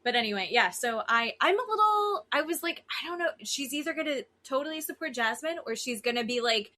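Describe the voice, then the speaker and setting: A woman with a high-pitched voice talks a little fast as a podcast co-host in casual chat. She is blunt and animated, swearing freely and mimicking the people she talks about in quotes.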